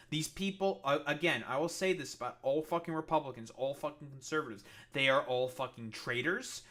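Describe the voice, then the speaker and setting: Profane, ranting man, bright voice. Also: fairly high pitch. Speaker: streamer commentating on news clips. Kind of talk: casual political commentary.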